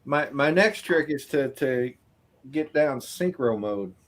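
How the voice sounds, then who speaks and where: A man hosting a casual group call, talking haltingly with repeated words and dry jokes. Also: medium pitch, animated.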